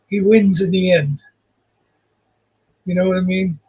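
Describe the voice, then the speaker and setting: A man's voice: high-pitched, steady tone, a little slow, a little mellow, husky. A man joining a livestream chat as a guest, telling meandering stories full of fillers. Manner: meandering, filler-heavy storytelling. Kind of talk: casual call-in chat. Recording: muffled lo-fi call audio.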